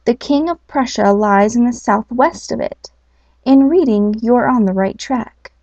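A woman's voice: on the high side, darkish tone, no echo. A woman doing a tiny drowsy bee. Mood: informative. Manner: slow, small-voiced. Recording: dull lo-fi.

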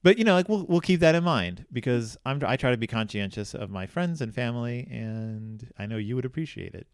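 Animated, rambling male podcast host. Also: medium pitch, brisk, no room sound, clean studio sound. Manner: animated, rambling with many restarts. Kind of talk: casual chat.

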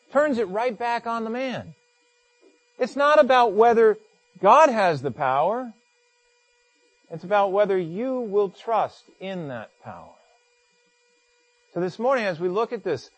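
Man, pastor, sermon, high voice, hushed prayer, dramatic pleading quotes. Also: animated, measured pace, pauses often, dry recording. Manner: dramatic, pleading when acting out quoted lines. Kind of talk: sermon with scripture reading and prayer.

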